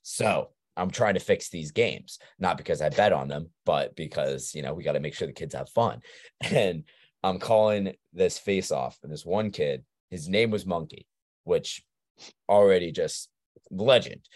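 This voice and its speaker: A man with a very low, deep voice tells a rambling story on a podcast. His delivery is casual and chatty, full of filler words and animated asides. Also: a little slow, no echo, studio quality. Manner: rambling, animated anecdote with frequent "like" and laughs. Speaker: podcast host.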